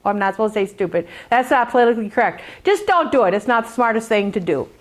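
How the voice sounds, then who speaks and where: A woman with a high, bright-sounding voice walks viewers through making her quilt pattern in a chatty, hands-on demonstration. She is sassy and joking throughout and playfully boasts about her own designs. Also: expressive, fast.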